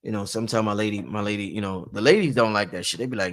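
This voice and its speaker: A livestream host talks rapid-fire in a fairly low voice. His casual stream is rambling, preachy motivational talk, and he repeats his points for emphasis.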